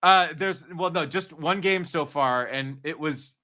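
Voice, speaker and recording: Man, bright tense tone, lively anecdotal storyteller, casual chat. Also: on the high side, measured pace. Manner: animated storyteller, acts out quotes.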